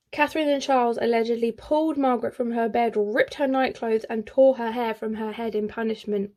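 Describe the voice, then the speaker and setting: A woman's voice: on the high side, steady tone, moderate pace, darkish tone. A woman who hosts a history channel, telling history in a casual, chatty way with playful asides. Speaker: history YouTuber.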